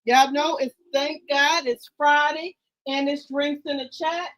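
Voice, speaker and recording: A woman hosting a casual livestream from home, greeting viewers in the chat by name and bursting into loud exclamations, eating while she talks. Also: sits high, fairly even intonation, measured pace. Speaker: livestream host. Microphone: streaming from home.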